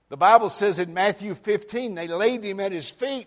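A man preaching a sermon in a folksy way, moving from loud outbursts to quiet asides. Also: a little high, big pitch swings, normal speed, hardly any pauses, in a large hall. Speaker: pastor.

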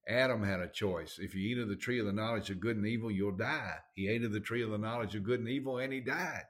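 Southern man preaching, folksy and emphatic, a bit low in pitch. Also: fast talker, fairly bright tone. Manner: folksy and emphatic, plain everyday grammar. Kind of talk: sermon.

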